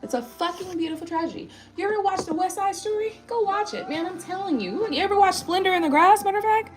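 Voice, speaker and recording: A woman's voice: extremely high pitch, expressive, fast talker, music in the background. A woman tarot reader on a live stream, reading viewer comments in rambling, casual talk full of swearing and tag questions.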